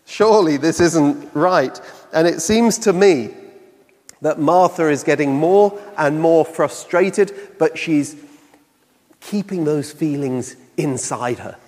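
A man's voice: a little high, takes it slowly, a little mellow, big-room sound. A man preaching a sermon in a conversational way, often putting rhetorical questions to the listeners.

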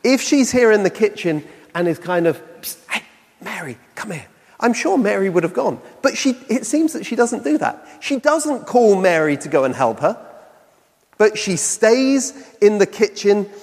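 Man, sermon, conversational preacher, rhetorical questions, slightly higher voice, long hall reverb. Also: sing-song, normal speed.

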